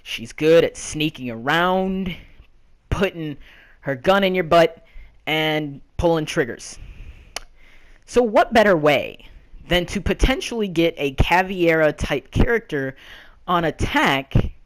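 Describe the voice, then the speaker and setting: A young man talks through a casual gaming countdown as its host. His voice sits a little high, and he rambles, leaning on fillers and loose restarts as he goes. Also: animated, takes it slowly.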